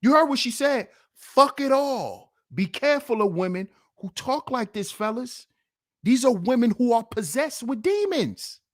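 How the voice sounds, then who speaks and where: Slow, preachy man, lively pitch. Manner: preachy, emphatic, repeats and mocks. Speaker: channel host and commentator. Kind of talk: heated commentary on a played clip.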